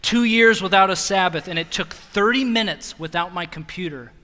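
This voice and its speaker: Bright-voiced young man preaching in a hall. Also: high voice, moderate pace. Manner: animated, self-mocking storytelling with laughter. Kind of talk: sermon storytelling. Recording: long hall reverb.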